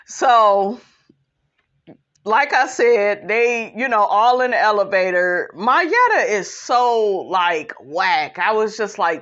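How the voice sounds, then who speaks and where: A woman's voice: on the high side, animated, slow pace, a bit bright, highs cut off. A woman vlogger giving a sassy, opinionated recap commentary, often calling viewers honey and child. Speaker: reality show recap vlogger.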